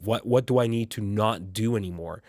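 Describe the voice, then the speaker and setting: A man's voice: fairly low pitch, normal speed, a little mellow, dry recording, clean studio sound. A man co-hosting a casual podcast chat, asking earnest questions and restarting his sentences often. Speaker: podcast co-host.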